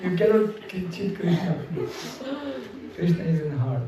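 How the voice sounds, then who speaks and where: A man with giving an animated devotional class, acting out voices as he tells stories and laughing often. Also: sits high, a little slow, a crowd in the background. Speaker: visiting speaker. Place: home gathering room. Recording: echoey room, mic far off, audience around.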